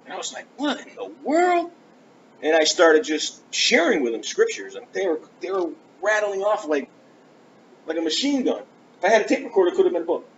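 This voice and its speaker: A man with a voice a little above average pitch delivers a storytelling sermon in church. He speaks earnestly and with animation, slipping into the voices of people he quotes. The sound is muffled and lo-fi, with a light hiss behind it. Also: brisk. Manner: earnest, animated, acts out conversations. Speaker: preacher giving his testimony. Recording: dull lo-fi church recording with faint hiss.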